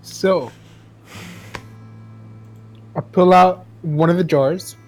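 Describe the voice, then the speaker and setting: Slow-talking male tabletop player. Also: high-pitched, a little mellow. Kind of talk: tabletop role-play.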